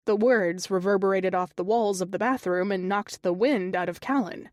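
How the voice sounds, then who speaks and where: A woman reads a romance audiobook in a steady, even storytelling voice. Her pitch sits in the middle. The recording is close and dry, with no room sound. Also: moderate pace, few pauses, no room sound. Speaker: audiobook narrator. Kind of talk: scripted narration.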